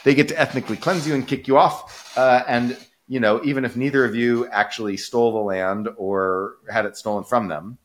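A man's voice: medium pitch, a little fast, hardly any pauses, a little hiss or hum. A man co-hosting a casual podcast discussion, arguing animatedly and often checking in with "right?". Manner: animated, rhetorical, keeps asking "right?". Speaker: podcast co-host.

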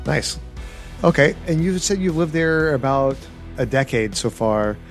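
A man's voice: on the high side, lively intonation, a little slow, faint music behind. A man hosting a casual interview, upbeat and easygoing, asking questions and making light jokes. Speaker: interviewer host.

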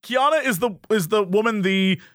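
A man's voice: high-pitched, moderate pace, fairly bright tone, no echo, studio quality. A man co-hosting a casual chat, telling a story animatedly and laughing often. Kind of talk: casual chat recapping a reality show.

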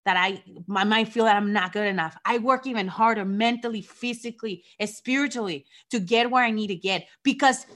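A woman's voice: medium pitch, brisk, few pauses, fairly bright tone. A woman from Mexico with a Mexican accent, a wrestling champion speaking with passion in an interview, often repeating herself.

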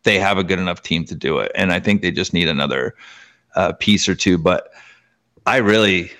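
A man's voice: low-pitched, moderate pace, a bit bright. A man, a former pro hockey player, telling stories as a guest in a casual interview, rambling with many restarts.

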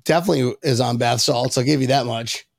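A man hosting a casual podcast chat, rambling and excitable, with sudden high-pitched outbursts. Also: quick pace, gravelly. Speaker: podcast host.

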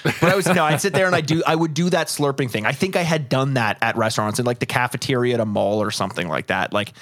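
A man's voice: medium pitch, fast talker, a bit bright, dry recording, clean studio sound. A man co-hosting a podcast, rambling through stories with frequent restarts and laughter. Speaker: podcast co-host. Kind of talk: casual chat.

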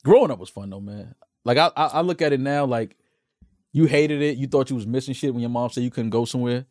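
A man co-hosting a casual podcast chat, telling stories in animated slang and laughing often. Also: mid-range voice, quick pace, no room sound, studio quality. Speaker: podcast co-host.

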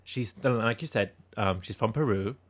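A man's voice: fairly low pitch, moderate pace. A young man with an Australian accent gone a little American, co-hosting a casual podcast and telling stories. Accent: Australian, turned a little American. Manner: chatty storyteller, acts out quoted lines. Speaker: podcast co-host. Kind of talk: casual chat.

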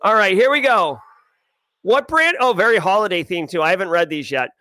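A man with a Boston accent hosting a daily cyber news live stream, talking in an energetic, rambling, self-joking way. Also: high-pitched, moderate pace. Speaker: host. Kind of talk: casual live-stream chat.

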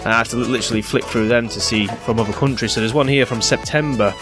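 A man's voice: medium pitch, fairly even intonation, fast talker, music in the background. A man with a Northern English accent co-hosting a podcast in casual, rambling chat. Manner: rambling, chatty, with fillers and restarts. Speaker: podcast co-host.

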